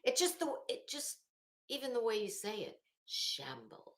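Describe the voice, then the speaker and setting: Speaking at a moderate pace with a fairly high voice, this middle-aged commentary host chats casually on a livestream from her home office. She wanders from topic to topic, reads out viewer comments, and welcomes viewers by name.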